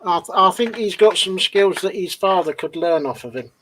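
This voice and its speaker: Man, slightly higher voice, dry jokes, faint hiss. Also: animated, normal speed, a bit bright. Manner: dry quips and short agreeing replies. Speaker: co-host of a live model-building chat show. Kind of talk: casual chat.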